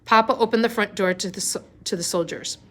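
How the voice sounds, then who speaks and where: A woman reading a novel aloud, unhurried, with small slips and restarts. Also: mid-range voice, fairly bright tone. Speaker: reader.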